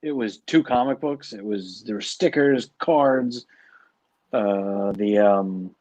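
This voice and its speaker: Man, lowish voice, dry close sound, eager casual chat. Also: slow pace, a little mellow, no room sound, highs cut off. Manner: enthusiastic, trails off searching for words.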